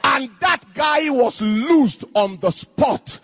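A middle-aged man preaching a fervent sermon in King James cadence, rising into shouted bursts. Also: very high voice, expressive, slow pace, no echo.

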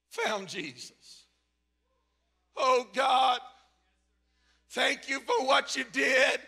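A man preaching a revival sermon as pastor, shouting in a sung cadence at the peaks and dropping low and quiet in between. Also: creaky. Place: church sanctuary. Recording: long reverb of a large hall.

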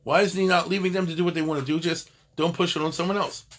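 A man's voice: on the high side, fairly even intonation, fast talker, noisy background. An older man teaching an informal Talmud class, digressive and conversational, often stopping to correct himself. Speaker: Torah teacher.

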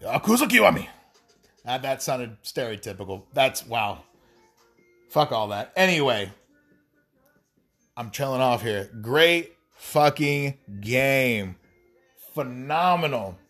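A gaming vlogger speaks straight to his audience in a casual, rambling monologue, swearing freely and adding wry asides. His voice is mid-range with a fairly bright tone.

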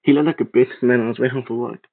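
A man reading a creepypasta aloud, steady but stumbling and restarting now and then. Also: medium pitch, very fast. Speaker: narrator. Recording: tinny phone-like sound.

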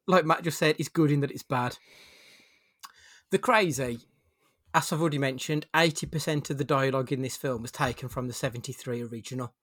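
A man's voice: mid-range voice, a bit bright, breathy edge. Male podcast host, blunt and wry, casual review chat.

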